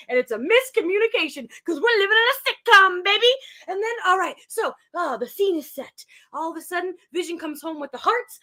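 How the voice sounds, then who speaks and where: A woman's voice: very high-pitched, lively intonation, quick pace, few pauses, a bit bright. A woman podcast host giving a playful, exaggerated recap of a show, slipping into silly character voices.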